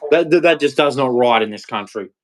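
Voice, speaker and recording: A man's voice: medium pitch, animated, fairly quick. An Australian man hosting a livestream, ranting angrily and emphatically as he repeats words. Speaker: livestream host. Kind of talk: heated solo rant.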